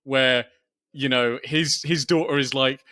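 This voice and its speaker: A man's voice: mid-range voice, fairly even intonation, bright, forceful tone, no room sound, studio quality. A man who reviews films, chatting casually and joking on a podcast. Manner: laid-back, joking, drawn-out opinions. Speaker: film critic podcast host.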